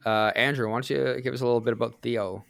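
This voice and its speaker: A man from Canada hosting a tabletop game podcast, wry and brisk as he keeps things organized. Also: medium pitch, fairly even intonation, vocal fry, fairly bright tone, no echo. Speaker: game host. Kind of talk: casual podcast banter.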